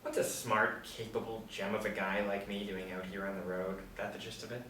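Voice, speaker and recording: A man reading the part of a boastful, folksy male drifter who calls himself a soldier of fortune, talking with swagger and sudden loud bursts. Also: lowish voice, little pitch movement, a little fast, lightly acted. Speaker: table-read actor. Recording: roomy, distant mic, faint background hum.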